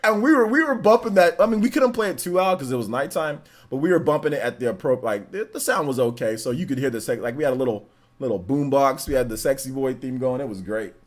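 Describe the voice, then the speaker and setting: A man in his thirties rambles through a slangy story on his livestream. His pitch leaps up and down as he gets into it, swinging from loud excitement to low, quiet asides. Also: fast talker. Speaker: streamer host. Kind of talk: casual livestream chat.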